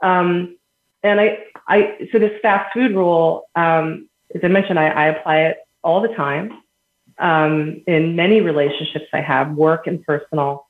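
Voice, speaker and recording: A woman with a deep, steady voice speaks at a measured pace as a guest in a podcast interview. She explains earnestly with everyday examples and laughs between points, heard over an echoey phone-quality line.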